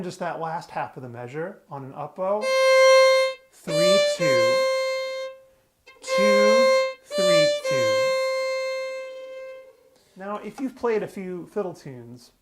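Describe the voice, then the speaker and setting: Patient male fiddle teacher, higher voice. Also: creaky. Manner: patient, plain explaining with small restarts. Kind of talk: step-by-step music lesson. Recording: fiddle music playing loudly. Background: his own fiddle playing.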